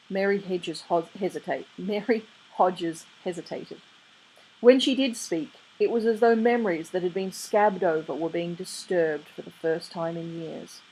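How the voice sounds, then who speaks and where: A woman reading a novel aloud in a steady storytelling way. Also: lowish voice, normal speed, husky, poor audio. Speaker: reader. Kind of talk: audiobook reading.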